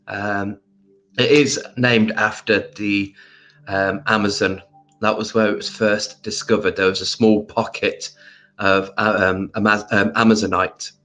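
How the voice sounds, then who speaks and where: A man hosting a casual crystal livestream, greeting viewers by name with endearments and pausing often with ums. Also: fairly low pitch, a bit bright. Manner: slow, hesitant with frequent ums. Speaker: crystal shop livestream host.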